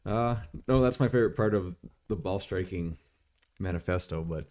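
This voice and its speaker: A man's voice: sits low, moderate pace, a little mellow. A man co-hosting a soccer podcast, chatting casually and chiming in with short remarks. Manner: brief agreeing interjections. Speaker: podcast co-host.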